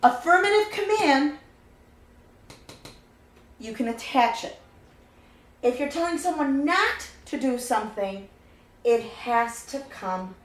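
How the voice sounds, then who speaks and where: A woman talks a class through a grammar lesson, repeating the key rule until it sticks. Her voice sits high and her pace stays slow and deliberate. The recording carries a roomy echo. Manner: patient, repeats key points, walks through steps. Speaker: Spanish teacher.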